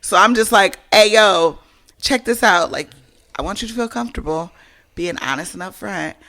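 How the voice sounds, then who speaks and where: A brassy woman with a bright, forceful voice tells a story in casual podcast chat. She swears freely and performs every line of dialogue, hers and the other person's. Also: mid-range voice, normal speed. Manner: blunt, profane, reenacts both sides of conversations. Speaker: podcast co-host.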